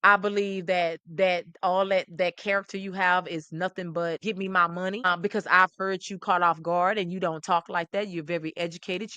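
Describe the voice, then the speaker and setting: A middle-aged woman host, talking with animated, preachy emphasis and repeating phrases. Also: fairly low pitch, no echo. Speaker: talk show host. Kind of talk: impassioned commentary to camera.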